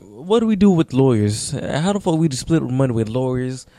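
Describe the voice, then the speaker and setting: A man's voice: medium pitch, big pitch swings, moderate pace, warm tone, dry recording. A man co-hosting a casual chat, throwing in blunt, joking interjections. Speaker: podcast co-host.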